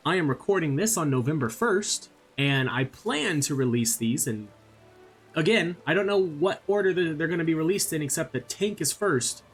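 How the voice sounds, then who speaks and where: A man casually commenting over his own gameplay, rambling and self-deprecating as he thinks out loud. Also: a little high, expressive, normal speed, slightly rough, soft background music. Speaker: gaming channel host.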